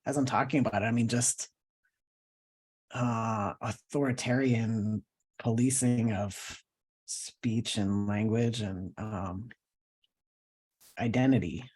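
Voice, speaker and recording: A man speaking as an interview guest in a casual conversation, thoughtful and pausing to search for words. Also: on the low side, steady tone, darkish tone, slightly rough. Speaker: guest, professor and cartoonist.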